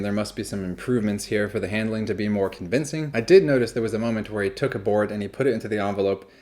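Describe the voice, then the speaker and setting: A man hosting a casual reaction video, chatty and upbeat, talking through his thoughts on a magic act. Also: on the low side. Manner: upbeat, chatty, laughs easily. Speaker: YouTube reaction host.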